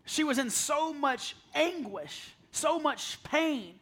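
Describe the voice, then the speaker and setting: A man preaching a sermon to a congregation, telling stories with self-deprecating humor and acting out the voices he quotes, sometimes dropping to a soft plea. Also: extremely high pitch, lively intonation, slow. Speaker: pastor. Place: church sanctuary with congregation.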